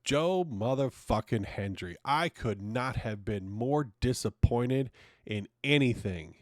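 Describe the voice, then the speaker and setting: He speaks at a medium pitch, animated yet unhurried, in a studio-quality recording free of room sound. As host of his own podcast, he delivers a casual opinion rant, frequently swearing in exasperation.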